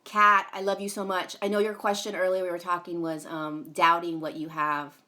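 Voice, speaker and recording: Lower-pitched woman, rambling livestream chat. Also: flat delivery, normal speed, pushed and bright. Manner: chatty, rambling, many fillers, greets viewers by name; swears casually. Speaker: livestream host.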